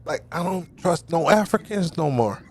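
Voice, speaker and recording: A man's voice: a little high, animated, moderate pace. A man in casual panel talk, bantering loosely and teasing the others by name.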